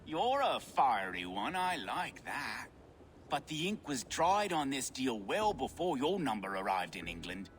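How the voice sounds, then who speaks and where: An actor playing a sly, charming male swindler in a video game, smooth-talking and mocking. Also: mid-range voice, very animated, measured pace, a little hiss or hum.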